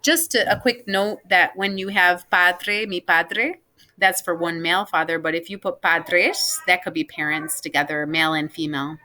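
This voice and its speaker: A woman's voice: on the low side, fairly even intonation, moderate pace, bright, forceful tone. A woman teaching a recorded Spanish class, patiently explaining family words step by step with frequent ums.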